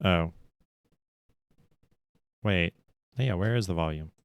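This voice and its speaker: A man's voice: low voice, takes it slowly, creaky, no echo, clean studio sound. A man streaming casually while he stitches, rambling along with self-deprecating asides. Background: faint lo-fi music.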